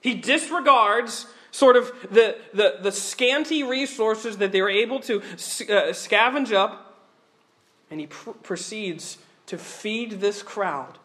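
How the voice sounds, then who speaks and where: A man delivers a sermon in a notably high voice. He preaches with animated earnestness and often doubles back on his words as he talks. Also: takes it slowly. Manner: animated, earnest preaching with frequent word repeats.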